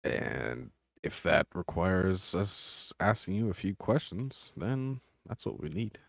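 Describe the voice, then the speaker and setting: A man's voice: low-pitched, big pitch swings, slow pace, creaky, dry recording. A man running a tabletop game as game master, talking in a laid-back, persuasive way. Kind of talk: tabletop role-play narration.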